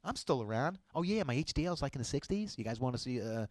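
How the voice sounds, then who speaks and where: A man's voice: mid-range voice, lively intonation, fast. A middle-aged man talks casually in a mid-range voice, rambling through his advice with frequent ums and restarts. The sound is dry and close, with no room echo. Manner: rambling, chatty, many fillers and restarts. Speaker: show host giving diet advice. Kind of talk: casual talk to camera.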